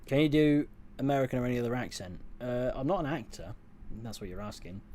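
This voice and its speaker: A man's voice: mid-range voice, lively intonation, fast, warm tone. A man from southwest England with a mostly received pronunciation accent touched by West Country and Northern sounds, casually answering viewer questions, rambling and correcting himself. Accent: English, received pronunciation with West Country and Northern touches. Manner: rambling, self-correcting, chuckles often. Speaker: streamer reading chat.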